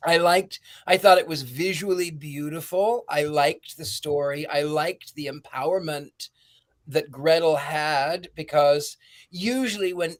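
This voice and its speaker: A man co-hosting a casual film discussion, talking in an animated, chatty way. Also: a little high, a little slow. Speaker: podcast co-host.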